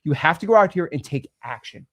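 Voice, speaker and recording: A man's voice: a little high, expressive, quick pace. A man hosting a talk, speaking bluntly and pushily and repeating himself. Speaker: host. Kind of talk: motivational talk.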